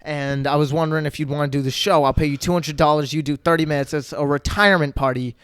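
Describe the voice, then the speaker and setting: A teenage comedian co-hosting a podcast, bantering casually with quick jokes and frequent laughs. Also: male voice, fairly high pitch, steady tone, a bit bright, clean tone, no echo. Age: teens. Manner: quick joking interjections, laughs often. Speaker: podcast co-host, stand-up comedian.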